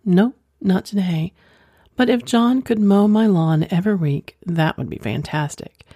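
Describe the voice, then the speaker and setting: A woman's voice: mid-range voice, unhurried, warm tone, slightly rough, no room sound, studio quality. A woman reading aloud the lines of a confident woman friend, in an everyday voice, in a story.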